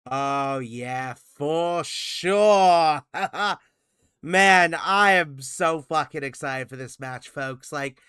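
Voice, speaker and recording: A man hosts a podcast with an upbeat, guiding manner. His voice is high, bright and smooth. The recording is dry and close. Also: extremely slow, no room sound. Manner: upbeat, hands questions to co-hosts. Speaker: podcast host. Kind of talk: casual chat.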